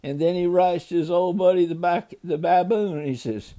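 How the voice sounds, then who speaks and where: A man's voice: high-pitched, fairly even intonation, normal speed, few pauses, mellow. An older man, a grandfather, loosely retelling a children's story to a grandchild, ad-libbing with small slips.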